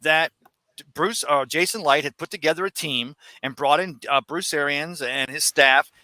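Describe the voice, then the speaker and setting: A man hosting a casual sports talk show. His voice is bright and tilts a little high. He talks in an animated, emphatic way and circles back on his points, and the sound is close and dry. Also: moderate pace, no room sound, low-quality recording. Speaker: sports radio host.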